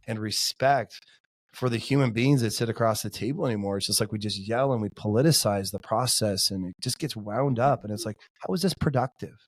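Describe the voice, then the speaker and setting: A man's voice: medium pitch, dry recording, studio quality. A man in his forties, a podcast guest, talking in an earnest, heartfelt way with lots of casual fillers. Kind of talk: casual interview chat.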